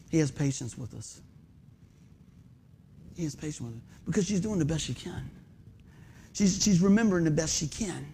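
Lively high-voiced preacher man. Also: moderate pace, pauses often, a little hiss or hum. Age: 50s. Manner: animated, folksy, asks the crowd questions. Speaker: pastor. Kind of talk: sermon. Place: church sanctuary under stage lights.

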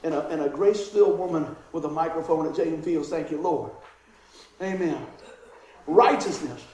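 A middle-aged man, a pastor, preaching a sermon and telling a childhood story, animated and laughing, with voices for the people in it. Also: on the high side, moderate pace, a little hiss or hum. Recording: very echoey hall.

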